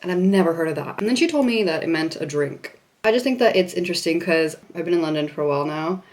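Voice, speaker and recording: Chatty Canadian woman, lowish voice. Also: expressive, fast talker, a little mellow. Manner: chatty and casual, laughing at herself. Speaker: vlogger. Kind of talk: chatty get-ready-with-me vlog.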